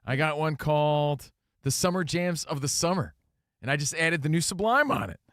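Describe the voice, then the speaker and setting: A man's voice: on the high side, expressive, a bit bright, dry recording. Sports talk guy, jokey banter, voice bouncing all over, dry close sound. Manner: joking, quick to riff. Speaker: co-host of a sports talk show. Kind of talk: casual sports radio banter.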